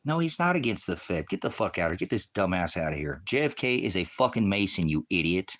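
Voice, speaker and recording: American man, off-grid preacher type, low voice, profane heated rants with shouting bursts. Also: very animated, fast, hardly any pauses. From United States. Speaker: ministry channel host. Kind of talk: profane off-grid rant to viewers. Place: rural off-grid homestead.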